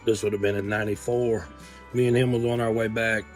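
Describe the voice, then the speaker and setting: Low-voiced man telling a story. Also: level tone, fairly quick, soft background music. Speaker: interviewee, friend. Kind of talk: storytelling in a casual interview.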